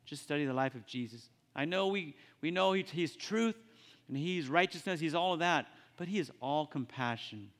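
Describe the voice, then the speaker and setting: Male preacher, earnest and halting, somewhat raised pitch, long hall reverb. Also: expressive. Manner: earnest, halting, repeats phrases. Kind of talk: sermon.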